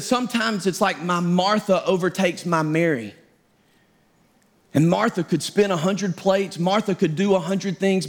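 A middle-aged male pastor preaching a sermon in a conversational, self-deprecating way. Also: high-pitched.

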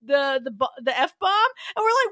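Playful woman co-host, lively high voice. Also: moderate pace, no echo, studio quality. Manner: playful, laughs easily. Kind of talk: casual chat.

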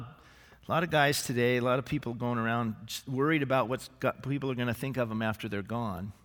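Bright-voiced pastor preaching in a reverberant church. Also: male voice, medium pitch. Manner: animated preaching with humorous asides and acted quotes. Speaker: senior pastor. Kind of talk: sermon. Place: church sanctuary. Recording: live church recording with long hall reverb.

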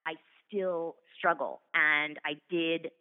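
A woman's voice: low voice, fairly even intonation, slow pace, clear, resonant tone. A woman in her forties, an acting coach and actress, chatting as an interview guest in an effusive, rambling way full of fillers, calling in from her home office. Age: 40s. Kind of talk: casual interview chat. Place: remote call from home office. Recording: tinny phone-like line.

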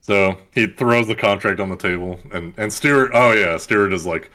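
Young guy retelling a movie, low voice, does the characters, keeps laughing. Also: fairly quick, hardly any pauses. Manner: animated storytelling, acting out characters, frequent laughter. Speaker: podcast host. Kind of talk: casual film recap.

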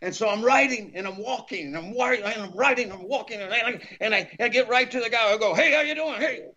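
A man, an actor guest, telling a lively anecdote, acting out voices and laughing often. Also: high-pitched, fast, lo-fi sound. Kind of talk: animated storytelling.

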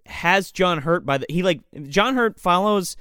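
A man with a higher-than-average voice that swoops around a lot as he recaps a film. He swears freely and tells the story in an animated way. The sound is dry and close, with no room echo. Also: unhurried, smooth. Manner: profane, animated retelling of scenes. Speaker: podcast co-host. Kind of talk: casual movie discussion.

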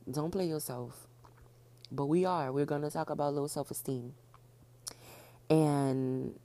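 Woman podcast host, low mellow voice, quick chatty delivery, repeats herself. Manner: fast-talking, chatty, repeats herself for emphasis. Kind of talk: casual solo podcast talk.

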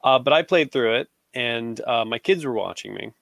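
A man's voice: medium pitch, lively intonation, moderate pace, gravelly, fairly bright tone, no echo. A man in his thirties, a father, chatting casually as a podcast co-host and rambling through stories with many fillers. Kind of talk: casual chat.

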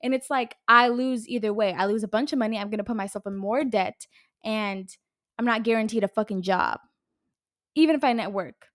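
Fired-up young woman with a higher voice. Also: fairly quick, a bit bright. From California. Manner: heated, profane, uses lots of fillers. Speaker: podcast host. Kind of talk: casual solo podcast rant.

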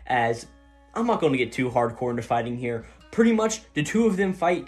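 A man hosting a casual recap, talking in loose, rambling sentences full of fillers and paraphrased quotes. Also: medium pitch. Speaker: manga discussion host.

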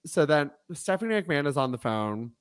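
Brief: giggly male co-host, lively swooping pitch, chatty recaps. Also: brisk, clean tone. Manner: animated recapping, lots of laughter and "like". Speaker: podcast co-host. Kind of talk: casual chat.

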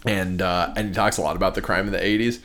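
A man's voice: low voice, fast talker. A man co-hosting a podcast, chatting casually and telling stories with playful bits. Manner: animated storyteller, slips into bits and quoted voices. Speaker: podcast co-host. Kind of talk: casual chat.

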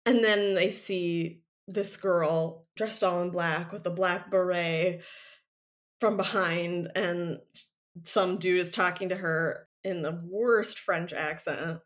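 A woman's voice: lowish voice, takes it slowly. A woman co-hosting a podcast, casually recapping a TV episode with lots of "like" fillers and laughs. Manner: animated storytelling, many "like" fillers, frequent laughs. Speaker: podcast co-host.

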